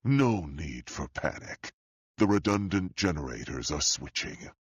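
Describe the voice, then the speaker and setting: A man voicing a sinister, wealthy older male tech mastermind in an audiobook, speaking slowly and calmly with a deep, husky, gravelly voice. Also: no room sound, lo-fi sound, full character voice. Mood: commanding. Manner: slow, calm and menacing. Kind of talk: audiobook character voice.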